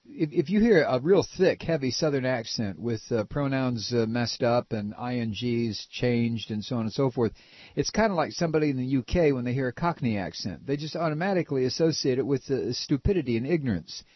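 An older man from Ohio with a nasal voice, talking casually and halting with many repeated restarts. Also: medium pitch, husky, dry recording. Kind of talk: casual opinion talk. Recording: dull lo-fi recording.

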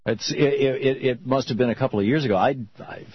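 A man hosting a call-in radio talk show, talking in an animated, opinionated way with frequent restarts. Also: mid-range voice, brisk, breathy edge, highs cut off.

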